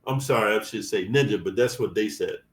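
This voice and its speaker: A former inmate from California tells prison stories bluntly and streetwise, heavy on slang and swearing. His lowish voice runs a little fast and sounds far from the mic in a roomy recording.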